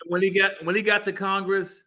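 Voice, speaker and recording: A man on a podcast panel, telling an animated anecdote. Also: sits high, brisk, a little hiss or hum. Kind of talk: casual panel discussion.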